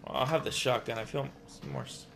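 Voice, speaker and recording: A gaming streamer, a young man, plays a horror game and chats with viewers in casual let's-play commentary, getting jumpy and talking to himself. His medium-pitched voice is gravelly and fairly even, he talks fast, and there's background noise.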